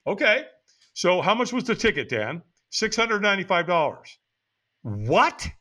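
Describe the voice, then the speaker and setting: A man's voice: high voice, unhurried. An older man from the United States, a podcast guest, telling a personal story in conversation and acting out the dialogue as he goes. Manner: animated, acts out quoted dialogue in the story.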